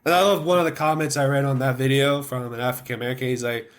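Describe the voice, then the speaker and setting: A man's voice: medium pitch, steady tone, fast. A man hosting a podcast, chatting casually and ranting with strong opinions. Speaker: podcast host.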